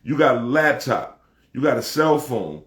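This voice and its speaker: A man delivering a heated, profane casual rant, talking with emphasis and rising to shouts. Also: medium pitch, big pitch swings, measured pace, roomy sound. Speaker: commentator.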